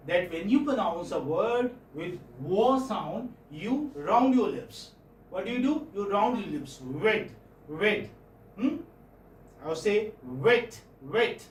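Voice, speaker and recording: High-voiced Indian teacher in echoey classroom. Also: male voice, a little hiss or hum. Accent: Indian English. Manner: questions the students, repeats words slowly. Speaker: English phonetics teacher. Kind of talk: classroom lecture. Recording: echoey classroom, far-off mic, faint ambience.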